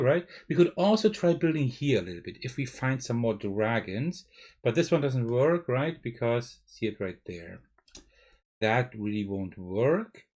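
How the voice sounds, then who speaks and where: A man with a German accent, streaming live and thinking aloud through a card game, often checking with a quick "right?". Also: medium pitch, a little mellow. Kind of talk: live-stream gameplay commentary.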